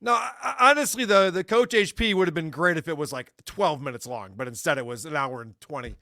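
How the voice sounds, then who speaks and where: A man's voice: a little high, brisk, sharp tone, no room sound. Sarcastic podcast guy ranting and cursing, dry close mic, no room sound. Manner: ranting, sarcastic, swears a lot. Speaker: podcast co-host. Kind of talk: casual comedy podcast chat.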